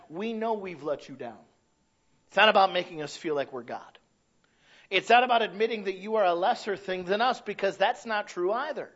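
High-voiced pastor preaching with plain humor. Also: male voice, expressive, fairly quick, a bit bright. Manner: conversational, plainspoken, with self-deprecating humor. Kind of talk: sermon. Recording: slightly dull lo-fi sound.

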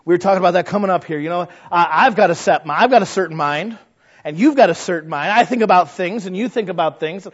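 A man's voice: high voice, fast talker, muffled recording. A male pastor preaching a sermon in a folksy, conversational way, full of rhetorical questions.

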